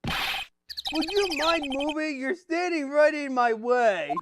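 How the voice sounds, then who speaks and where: A woman voicing a loud, excitable young man who stammers when flustered, reading game dialogue. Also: sits high, takes it slowly, background noise, voice pushed up. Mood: demanding. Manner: shouting, frantic, stammering. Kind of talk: game dialogue read aloud. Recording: loud game music behind.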